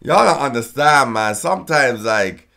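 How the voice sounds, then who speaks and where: A man from London with a London accent, reacting casually to a trailer as host and bursting into whoops and shouts. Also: mid-range voice, animated, measured pace, vocal fry. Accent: London English. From London, England. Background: trailer music playing faintly.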